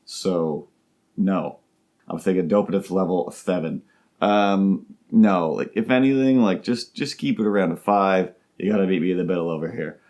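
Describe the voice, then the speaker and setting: A man hosts a comedy podcast solo, delivering a monologue in a low, darkish voice at a moderate pace. His talk is rambling and goofy, constantly interrupting itself.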